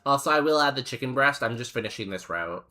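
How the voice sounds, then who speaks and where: A man's voice: mid-range voice, lively intonation, fast, bright, forceful tone, soft background music. A young man streaming a game, chatting casually with his chat in a rambling, jokey way full of fillers. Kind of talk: casual chat while playing and reading chat.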